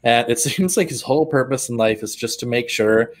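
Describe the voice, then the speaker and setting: A man co-hosting a casual conversation, relaxed and hesitant, with many fillers and frequent laughter. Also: mid-range voice, fairly quick. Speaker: podcast co-host.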